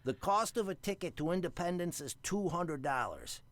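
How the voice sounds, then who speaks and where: A man voicing a formal, knowing ticket agent in a video game who speaks in measured tones. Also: sits high, expressive, fairly bright tone, no echo.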